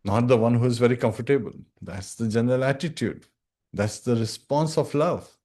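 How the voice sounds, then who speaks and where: A man's voice: medium pitch, normal speed, warm tone. A man giving a devotional scripture class, speaking earnestly to his devotees, reciting Sanskrit verses and often checking in with "right?". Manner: earnest and instructive, addresses listeners as dear devotees.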